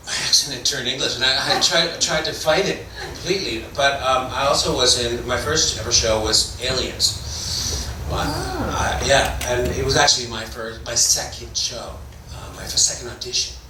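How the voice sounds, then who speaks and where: Animated and forceful, his bright mid-range voice moves at a moderate pace as this middle-aged Toronto actor rambles through self-deprecating tales for a convention panel. The recording is echoey and distant, with background noise in the hall.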